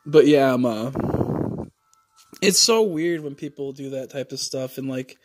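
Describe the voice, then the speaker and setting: A man's voice: medium pitch, a little slow, faint music behind. A man livestreaming, chatting casually and rambling with many fillers and casual swearing.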